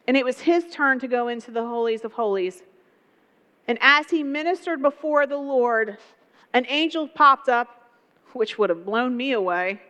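A woman preaching a sermon, telling the story in a lively way with folksy asides. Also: high-pitched, big-room sound.

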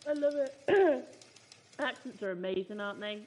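A woman's voice: fairly high pitch, lively intonation, normal speed, a little mellow. A woman co-hosting a casual talk show, musing aloud in a chatty way with an easy laugh. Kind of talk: casual chat.

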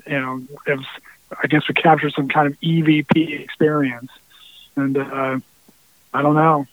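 A man tells a long story in a rambling, casual way, restarting often and swearing now and then. His voice sits a little higher than most men's. It sounds dry and tinny, like a phone line. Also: flat delivery, measured pace, dry recording. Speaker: musician guest.

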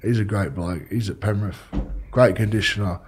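A man's voice: on the low side, normal speed, slight background noise. A man with an Australian accent, a former rugby league player, telling rambling stories and swearing freely in casual chat.

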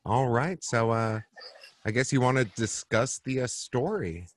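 A man's voice: medium pitch, expressive, a little slow. A male podcast host retelling a story in a casual, profane, comedic way, with hesitant fillers.

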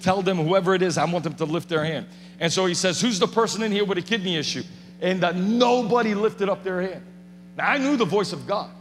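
A man preaching a sermon in a high, ringing voice that bursts into passionate shouting. His voice carries a long reverb, and a faint hum sits underneath. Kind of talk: sermon testimony.

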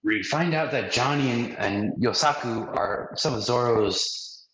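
A man's voice: medium pitch, a little slow, a bit bright. A male podcast host giving a rambling, slangy recap and acting out quotes along the way. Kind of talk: casual episode recap. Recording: roomy, dull lo-fi podcast audio.

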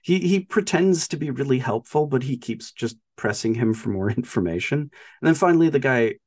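A man's voice: mid-range voice, lively intonation, fairly quick, darkish tone, husky, dry recording, studio quality. A man co-hosting a podcast, casually retelling a movie with lots of laughs and filler words. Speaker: podcast co-host.

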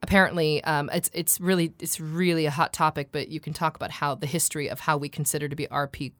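A woman who is a trained actor and accent coach, chatting animatedly, quick to laugh, and demonstrating sounds as she explains them. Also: sits low, little pitch movement, fairly bright tone, no echo.

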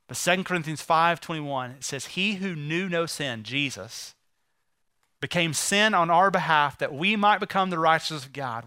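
A man preaching with a bright, high voice, recorded close and dry. He tells a story as he preaches, often dropping to a soft, hushed tone for tender moments. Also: clean tone, no room sound. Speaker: pastor. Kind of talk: sermon.

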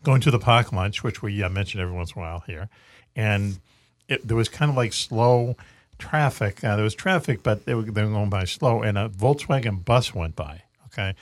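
A man's voice: on the low side, fairly quick, no echo. A middle-aged man hosting a radio talk show, chatting in a joking way with many fillers. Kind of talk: casual radio chat. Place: radio studio.

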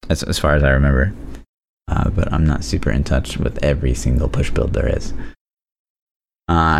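A man co-hosting a casual gaming podcast, talking in an animated, rambling way with lots of fillers. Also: sits low, slight background noise. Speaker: podcast co-host.

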